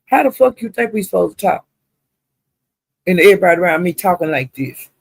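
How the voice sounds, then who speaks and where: An older woman with a Southern twang, holding forth on her live stream in a profane, fired-up rant. Her voice is gravelly and husky. The sound is dry and close. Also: lowish voice, lively intonation, fairly quick, no echo. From Southern United States. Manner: profane, indignant and emphatic.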